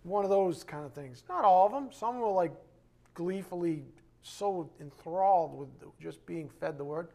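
A man teaching a bible lesson, emphatic, slowing down to read scripture aloud and dropping to quiet asides. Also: high-pitched, expressive, gravelly.

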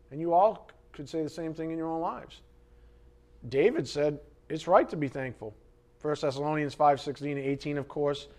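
Preaching in a fairly high voice at normal speed, a male pastor leaves long pauses. He keeps the sermon conversational and animated, joking with his listeners and moving between loud emphasis and soft asides.

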